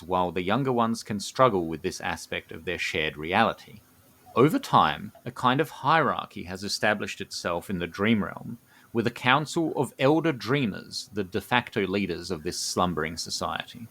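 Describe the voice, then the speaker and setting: A man co-hosting a podcast, reading his written fantasy lore aloud, who is enthusiastic and given to excited outbursts. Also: normal speed. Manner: enthusiastic, bursts into excited high exclamations. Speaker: podcast co-host.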